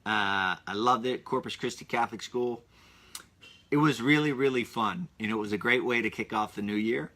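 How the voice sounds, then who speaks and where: A man's voice: medium pitch, normal speed, pushed and bright. A man hosting his own podcast, rambling in a casual solo chat full of asides and restarts. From Pennsylvania. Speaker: podcast host.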